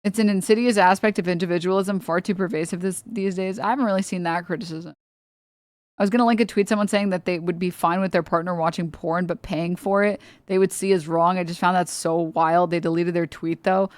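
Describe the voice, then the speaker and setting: A woman's voice: fairly low pitch, steady tone, a little fast, no echo. Incredulous, swearing woman streamer. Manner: incredulous, profane ranting. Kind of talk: live-stream reaction commentary.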